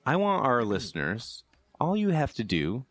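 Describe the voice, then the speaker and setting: A man's voice: medium pitch, huge pitch swings, normal speed, no echo, studio quality. A young man co-hosting a gaming podcast, easygoing and rambling as he runs through the show's segments. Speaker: podcast co-host. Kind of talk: casual podcast chat.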